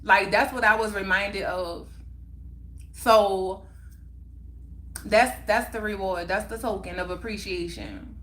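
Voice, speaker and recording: Bright-voiced heartfelt woman livestreamer. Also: mid-range voice, fairly even intonation, slow, pauses often. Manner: emphatic, heartfelt, repeats phrases for emphasis. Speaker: livestream host. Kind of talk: casual livestream chat.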